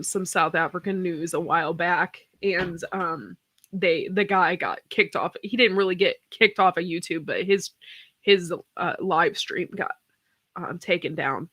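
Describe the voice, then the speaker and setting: A woman's voice: fairly low pitch, a bit bright, breathy edge, no echo, clean studio sound. A woman hosting a casual live stream, tearful after crying, talking in a rambling way with sighs and many restarts. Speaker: host of a farm channel live stream.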